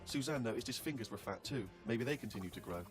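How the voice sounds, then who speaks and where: A man's voice: mid-range voice, lively intonation, loud music behind the voice. A man hosting a studio chat, reading a diary aloud in a teasing way and often breaking into laughter. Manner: teasing, quick, bursts into laughter. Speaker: host. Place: radio studio.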